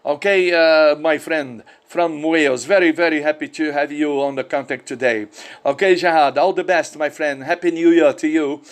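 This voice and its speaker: A man's voice: a little high, moderate pace, clean tone. A Brazilian man with a Brazilian Portuguese accent, a ham radio operator chatting and spelling call signs in friendly, repetitive English. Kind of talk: amateur radio contact over satellite.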